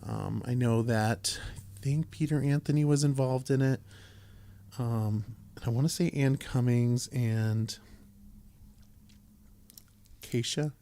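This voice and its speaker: Here a mid-range, dark-toned man speaks slowly and steadily, leaving long pauses. He's co-hosting a podcast, chatting casually about council business and reading out a council resolution, with plenty of fillers, restarts and dry humor.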